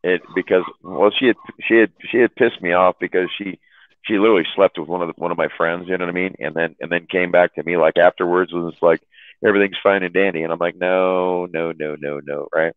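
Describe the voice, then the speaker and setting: A man's voice: sits low, fairly even intonation, fast talker, dry recording. A man telling a long profane story in casual chat, rambling and laughing at his own jokes. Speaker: chat room host telling stories. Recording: dry, phone-like audio.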